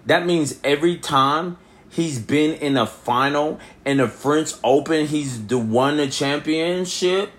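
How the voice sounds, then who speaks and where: A young man giving a rambling, casual opinion monologue, rising to near shouts and then dropping to a low mutter. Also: slow pace. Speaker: vlogger.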